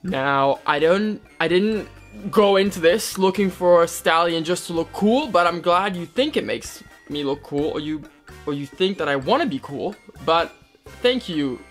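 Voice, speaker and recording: A young equestrian vlogger with an accent blending British and American casually reads out viewer comments and answers them with wry, self-deprecating sarcasm. His fairly high voice is expressive and a little slow, with soft music in the background.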